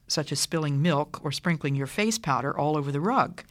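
A radio Bible teacher giving parenting advice in a firm, measured, deliberate way, sometimes dropping to a whisper. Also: medium pitch, a bit bright. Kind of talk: scripted radio talk, teaching.

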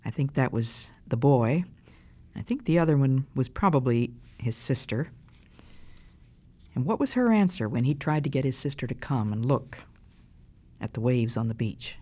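An animated storyteller reading a children's tale aloud and then talking over its lesson. The delivery is warm-paced and questioning, with a pitch that swoops high and low for emphasis. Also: normal speed, long pauses.

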